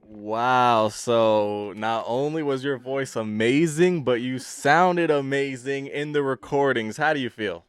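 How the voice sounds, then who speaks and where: A man's voice: medium pitch, slow, few pauses, clean tone, dry recording. A man walking through a product demo in an upbeat, playfully boastful way, recorded in a studio. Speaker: tech reviewer. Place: home studio.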